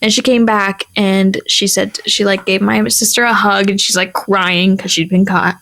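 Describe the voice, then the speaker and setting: A young woman co-hosting a podcast, telling a family story in a casual, animated way with lots of fillers. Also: medium pitch, normal speed. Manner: animated, acts out quoted people, many fillers. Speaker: podcast co-host.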